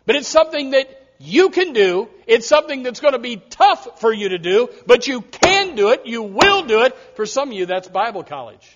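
A middle-aged male pastor preaches in a high voice. He drops to soft, confiding asides and then builds to loud, repeated appeals to his congregation. The recording is dull and lo-fi. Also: very animated, normal speed, few pauses, a little hiss or hum. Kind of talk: sermon.

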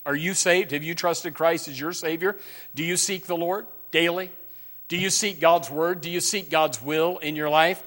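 A man's voice: sits high, fairly bright tone. A man preaching a sermon, telling rambling folksy stories with many restarts.

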